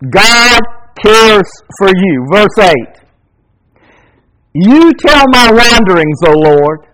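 A middle-aged male pastor preaching a sermon, swinging between loud emphatic calls and quiet intimate asides. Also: on the high side, low-quality recording.

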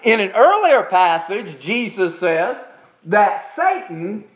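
High-voiced preacher man, slow emphatic delivery. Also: big pitch swings, dull audio. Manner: preaching with slow, drawn-out emphasis on key words. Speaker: pastor. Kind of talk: sermon.

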